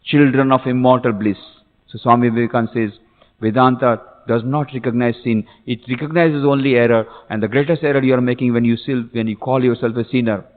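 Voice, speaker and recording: A man's voice: medium pitch, fairly even intonation, fast talker. Emphatic male monk preaching. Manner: emphatic, repetitive, rising to exhortation. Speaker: monk giving a discourse. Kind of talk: sermon. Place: lecture hall. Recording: tinny, echoey lecture hall.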